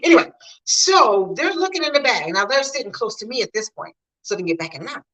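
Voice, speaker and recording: A woman's voice: a little high, a little fast, poor audio. A middle-aged woman from the Mid-US, telling stories casually and chatting straight to her viewers in a home vlog. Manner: chatty, animated, talks to viewers directly. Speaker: vlogger.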